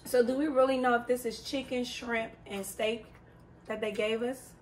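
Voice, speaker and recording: Teasing woman, a bit high, far off. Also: steady tone, moderate pace. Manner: teasing, plain-spoken. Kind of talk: casual mukbang chat. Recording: far from the mic with faint noise.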